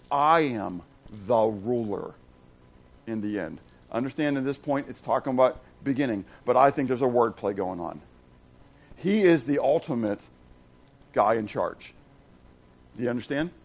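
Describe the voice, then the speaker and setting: A man preaching a sermon in a casual style, asking the congregation rhetorical questions and swinging from hushed to loud and excited. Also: medium pitch, measured pace, long pauses. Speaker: pastor.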